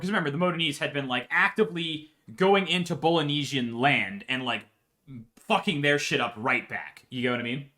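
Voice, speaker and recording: Man, comedic history storyteller, lively pitch, bright voice, profane, rambling. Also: a little fast. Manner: profane, rambling, laughs often, checks in with "right?". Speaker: podcast host.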